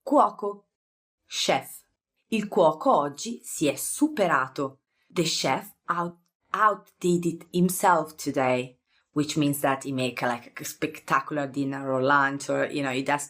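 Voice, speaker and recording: Young Italian-accented woman tutor, low and unhurried, casual and chatty. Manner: relaxed, chatty, repeats words slowly, many fillers. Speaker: language teacher. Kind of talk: casual vocabulary lesson.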